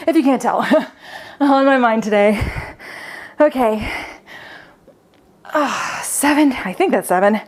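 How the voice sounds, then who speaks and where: A young woman fitness coach, out of breath as she leads a home workout, chatting, counting reps and laughing often. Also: fairly high pitch. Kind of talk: talking while leading a home workout.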